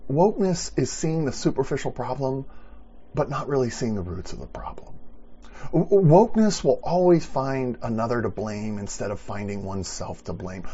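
A man's voice: mid-range voice, dark tone, breathy edge, lo-fi sound. A man preaching a sermon with passion, often stumbling and repeating words as he restarts his sentences. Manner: impassioned preaching with frequent stammered restarts. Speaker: pastor.

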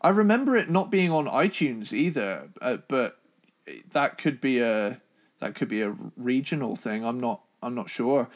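A man's voice: mid-range voice, animated, moderate pace. Enthusiastic man giving opinions. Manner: enthusiastic, swears casually. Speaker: podcast co-host. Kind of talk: casual chat.

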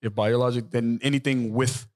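A man's voice: medium pitch, fairly even intonation, normal speed, a little mellow. A man hosting a casual podcast chat, steering the talk and cutting in to pass the turn. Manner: steers the talk, interrupts, asks others to go on. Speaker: podcast host.

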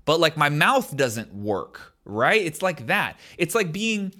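Animated, chatty man telling a story. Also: a little high, takes it slowly. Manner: loose, conversational, many "like" fillers. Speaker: storyteller sharing a personal experience. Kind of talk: casual storytelling to camera.

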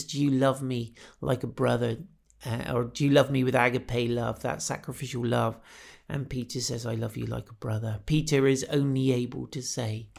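A man's voice: mid-range voice, gravelly. A man giving a reflective devotional talk on a Bible passage, retelling the scenes in the voices of the people in it. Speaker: preacher.

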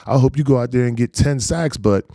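A man's voice: medium pitch, brisk, mellow, dry recording, studio quality, pitched above the performer's own voice, lightly acted. A man voicing his teasing uncle, a die-hard football fan, while retelling a story. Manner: playful ribbing.

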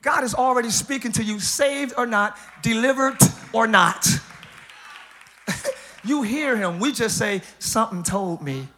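High-voiced hyped-up male pastor. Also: measured pace, slight background noise. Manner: joking, hyped, breaks into shouts and laughs. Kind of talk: live sermon. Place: church service.

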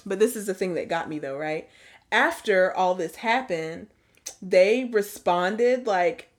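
A young woman hosting a casual chat, telling animated stories full of fillers. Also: mid-range voice, unhurried. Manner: chatty, animated storytelling with many fillers. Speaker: podcast host.

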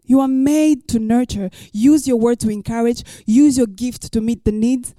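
Bright-voiced woman pastor preaching. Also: on the high side, normal speed, no echo, clean studio sound. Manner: emphatic, repeats key lines. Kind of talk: sermon.

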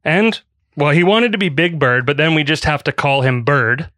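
A man hosting a podcast, jokey and quick to laugh. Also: a little high, bright, forceful tone, no room sound. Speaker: podcast host. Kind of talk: casual podcast chat. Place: podcast studio.

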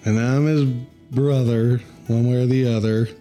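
A man's voice: medium pitch, fairly even intonation, a little slow, mellow, faint music behind. A man, co-hosting a podcast in casual, jokey, self-deprecating chat. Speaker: podcast co-host.

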